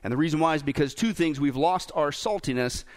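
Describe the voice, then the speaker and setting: A man's voice: a little high, fairly quick. A middle-aged man preaching a sermon as pastor, joking and firing questions at the congregation. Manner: jokey, asks the crowd questions.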